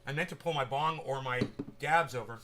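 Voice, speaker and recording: A man's voice: medium pitch, fairly quick, noisy background. A man hosting a casual livestream, rambling and swearing as he talks straight to viewers in chat. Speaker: livestream host.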